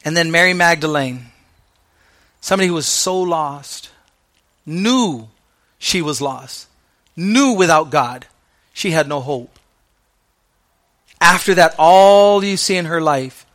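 Bright-voiced male pastor preaching. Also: fairly high pitch, slow, long pauses. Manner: conversational preaching with slang asides; drops to soft, quiet delivery on key lines. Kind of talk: sermon.

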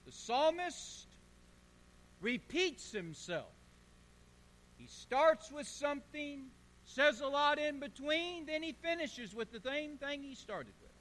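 In a church sanctuary with the long reverb of a church hall, a male pastor with a very high, sing-song, slightly bright voice preaches slowly. He builds emphatic repeated lists and calls on the congregation to answer back.

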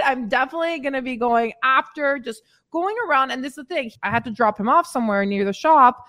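Lively, chatty woman fitness coach. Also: high voice, brisk. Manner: chatty and candid, addresses listeners as ladies, occasional swearing. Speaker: weight-loss fitness coach. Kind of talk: casual motivational podcast monologue.

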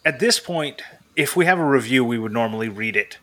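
Bright-voiced podcast host, rambling. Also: male voice, medium pitch, lively intonation, a little fast. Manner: rambling, laughs often. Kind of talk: casual podcast chat.

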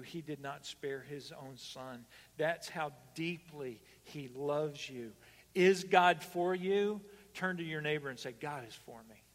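Male pastor, slow deliberate delivery, sermon voice carrying through a long-reverb church hall, loud emphatic calls dropping to hushed lines. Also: on the high side.

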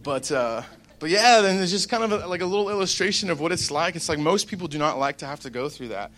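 A man's voice: fairly high pitch, lively intonation, quick pace, fairly bright tone. A young man giving a casual devotional talk, rambling and conversational with plenty of fillers. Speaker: Christian speaker.

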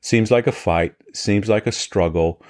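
A man, a pastor, talking through a Bible reading in an earnest, unscripted way, often pausing on "uh" and restarting his sentences. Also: on the low side, darkish tone. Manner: unscripted, with frequent "uh" fillers and restarts; earnest, walking through scripture. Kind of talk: Bible study explanation.

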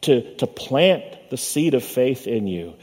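A male pastor preaching a sermon in a church sanctuary. He uses a measured preaching cadence, slowing down and dropping low on the words he wants to land. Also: very animated, darkish tone. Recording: long reverb of a church hall.

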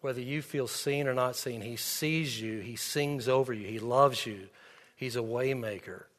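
A man preaches a sermon from the pulpit, earnest as he tells stories. His voice sits at an ordinary middle pitch. It rings out with a long reverb from the church sanctuary. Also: unhurried, a bit bright. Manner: earnest, storytelling with quoted dialogue. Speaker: pastor.

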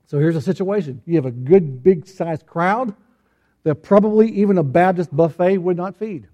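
Preaching at a moderate pace, a pastor with a mellow, slightly high male voice keeps his sermon loose and conversational. He pokes fun at the congregation, asks rhetorical questions, and often trips over words, starting again and repeating himself as he thinks.

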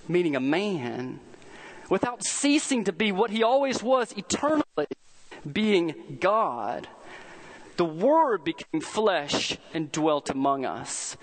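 A man preaching a sermon as a pastor, telling stories earnestly and slowing down to stress key words. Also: high-pitched, poor audio. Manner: earnest storytelling with slowed emphasis.

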